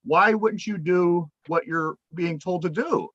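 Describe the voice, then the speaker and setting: A man with a Pittsburgh accent hosts a casual podcast and speaks in a high voice. He gives earnest opinions and circles back over his own words as he thinks. The recording is dry and slightly muffled. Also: measured pace, a bit bright, no echo. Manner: earnest, opinionated, repeats himself while thinking. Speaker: podcast host.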